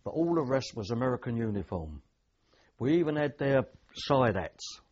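A man's voice: medium pitch, sing-song, normal speed, darkish tone, breathy edge, highs cut off. An older man, a veteran telling rambling anecdotes with dry humour in an oral history interview.

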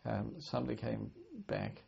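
An older man from Britain, a war veteran, recalling his service in an oral history interview, speaking haltingly with many restarts and repeated words. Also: on the low side, huge pitch swings, vocal fry, a little mellow. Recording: dull lo-fi archive recording.

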